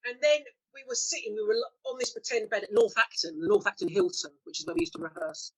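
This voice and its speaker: A woman's voice: high-pitched, lively intonation, quick pace, creaky, poor audio. A woman in her fifties, an actress guest, telling bawdy anecdotes in a chatty, laughing way during a casual interview.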